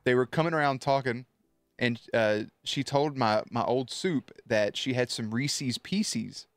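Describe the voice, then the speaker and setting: A man's voice: medium pitch, unhurried, dry recording. A man streaming live, chatting loosely and swearing as he tells a story to his viewers, with many restarts.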